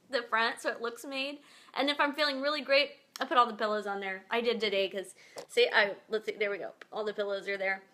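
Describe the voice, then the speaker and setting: A chatty woman talks to her viewers from home, rambling through a story with plenty of ums and likes. Her voice sits high and sounds bright and clear. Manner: chatty, rambling with many fillers. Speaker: podcast host. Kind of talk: casual chat to viewers. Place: at home beside her bed.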